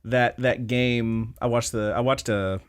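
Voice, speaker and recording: A man's voice: mid-range voice, steady tone, a little slow, smooth. A man co-hosting a podcast in casual, laid-back chat, joking around and swearing freely. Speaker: podcast co-host.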